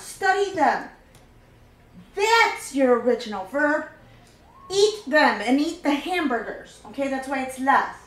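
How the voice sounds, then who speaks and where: A woman's voice: high voice, roomy sound, poor audio. A woman teaching a Spanish grammar lesson, patiently walking through each step and repeating key points.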